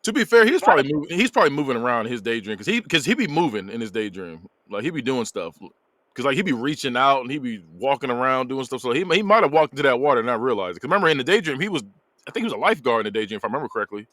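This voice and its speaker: A man's voice: mid-range voice, big pitch swings, racing, a bit bright, no echo. A man casually recapping a movie plot on a podcast, acting out the characters' lines and laughing along. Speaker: podcast host. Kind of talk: casual movie review chat.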